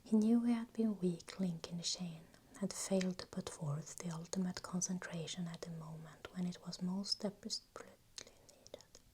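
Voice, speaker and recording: A woman reading a fantasy novel aloud close to a new microphone, in a soft, unhurried whispered role-play. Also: on the low side, steady tone, noisy background. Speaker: ASMR reader.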